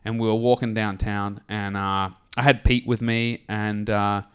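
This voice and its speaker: A man's voice: on the low side, level tone, unhurried, clear, resonant tone. A man, co-hosting a comedy podcast and telling rambling, profane stories in casual chat. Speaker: podcast co-host.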